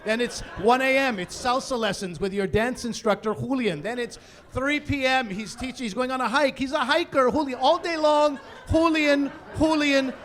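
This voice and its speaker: A middle-aged man from Canada performs stand-up comedy in a fairly high voice. He tells his stories with animated energy, breaking into loud, exasperated outbursts and putting on the voices of the people in them. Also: brisk.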